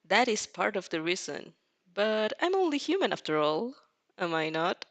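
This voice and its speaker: A woman's voice: mid-range voice, very animated, moderate pace, fairly bright tone. A woman doing a teasing laid-back young hero. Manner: teasing drawl.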